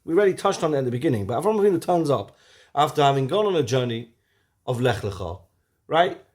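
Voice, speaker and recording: A man teaching a weekly Torah lesson, lively, asking rhetorical questions and swinging from loud to hushed. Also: medium pitch, fast talker.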